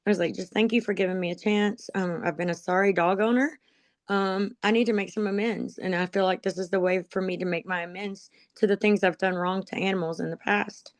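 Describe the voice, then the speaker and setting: A woman's voice: mid-range voice, steady tone, fairly quick, no room sound. A woman being interviewed, telling her own life story in a rambling, emotional way with many ums and laughs at herself. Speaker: interviewee, dog program graduate. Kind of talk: personal testimony, conversational storytelling.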